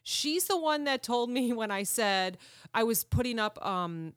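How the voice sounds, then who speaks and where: A woman's voice: a little high, animated, a little slow, no echo, studio quality. A woman co-hosting a casual podcast, laughing along and telling work stories in an easygoing way. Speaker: podcast co-host. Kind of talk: casual chat.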